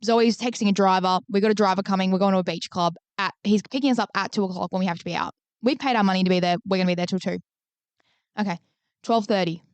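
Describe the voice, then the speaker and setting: A woman's voice: mid-range voice, quick pace, no room sound. A young woman, co-hosting a podcast and telling a story in casual, swearing-heavy chat. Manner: animated storytelling, swears freely. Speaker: podcast co-host.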